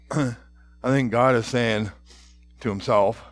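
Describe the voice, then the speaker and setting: A man preaching a sermon as pastor, reading scripture dramatically and dropping at times to a hushed whisper. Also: mid-range voice, slow pace.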